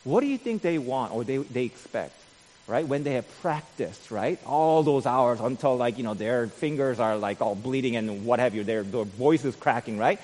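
A man preaching a sermon as pastor, peppering his points with "right?" and swinging from quiet musing to loud, emphatic delivery. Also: medium pitch, expressive, moderate pace, big-room sound. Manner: frequent tag "right?".

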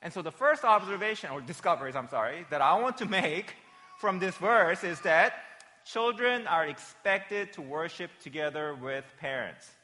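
Bright-voiced pastor in an echoing church. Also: male voice, a little high, lively intonation, moderate pace. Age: 40s. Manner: chatty, checks in with "right?" and "okay?". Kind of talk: children's sermon. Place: church sanctuary during a worship service. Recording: long reverb of a church hall.

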